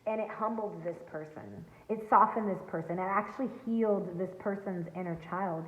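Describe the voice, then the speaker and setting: Her voice is mid-range and a bit bright, moving at a moderate pace as she reads tarot for her viewers from home, close to a backyard. She comes across as earnest and emphatic, coaching spiritually. Echo and a tinny, phone-like tone mark the recording.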